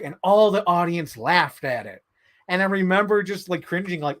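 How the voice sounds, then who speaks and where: A young man hosting a casual livestream, excitable and quick to laugh, swearing as he talks about movies. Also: high-pitched. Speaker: livestream host.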